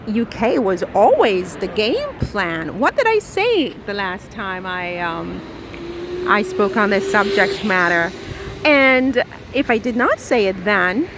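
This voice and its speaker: A woman's voice: mid-range voice, fairly bright tone, rough recording. A woman vlogging as she walks outdoors, talking theatrically and dramatically, swinging between playful and indignant. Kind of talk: casual vlog, walking outdoors. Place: outdoors by a river in a city. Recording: outdoor street noise behind.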